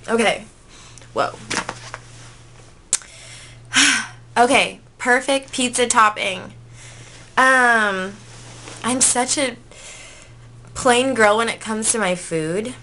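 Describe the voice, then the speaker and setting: A woman's voice: fairly high pitch, drawn-out words, pauses often, pushed and bright, slight background noise. A woman in her twenties, a vlogger, chatting casually through tag questions in a gushing way, full of "like" and "um". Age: 20s.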